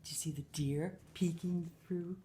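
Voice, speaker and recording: A woman teacher reading a picture book aloud to children, animated and asking them questions along the way. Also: lowish voice, a little slow, a little hiss or hum.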